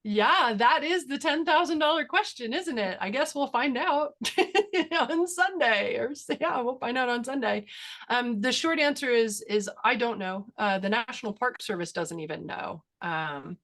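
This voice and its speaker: A woman's voice: on the high side, normal speed. A woman photographer and workshop instructor giving a webinar presentation and answering questions, talking enthusiastically with lots of fillers and laughter. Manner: enthusiastic, animated storytelling with frequent fillers and laughs. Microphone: video call.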